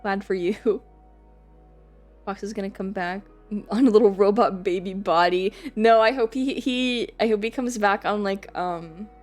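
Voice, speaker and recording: Woman streamer, casual live chat, rambly and giggly, cusses freely, mid-pitched voice. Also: measured pace, a little mellow, faint music behind.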